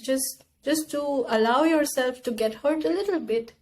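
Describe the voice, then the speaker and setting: A woman's voice: high-pitched, moderate pace, a little hiss or hum. A young woman guest on a podcast, talking things through in a casual, reflective way and acting out her own inner voice. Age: young adult. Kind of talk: casual conversation.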